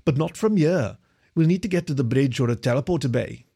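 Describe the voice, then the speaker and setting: A man's voice: medium pitch, animated, fairly quick, creaky, mellow, breathy edge. A man voicing a tired young kitten officer who explains technical matters precisely. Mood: practical.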